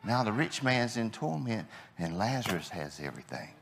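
A man preaching a sermon, impassioned, swinging between loud declarations and hushed low lines. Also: big pitch swings, normal speed, gravelly, a little hiss or hum.

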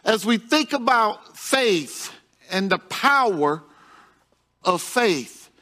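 A man's voice: sits high, very animated, very slow, sharp tone. A male pastor preaching a sermon in a folksy, repetitive way, chuckling at his own jokes.

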